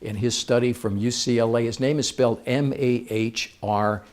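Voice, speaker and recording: A man's voice: medium pitch, steady tone, moderate pace, noisy background. A man speaking to a live seminar audience, playful and engaging, asking the crowd questions as he goes.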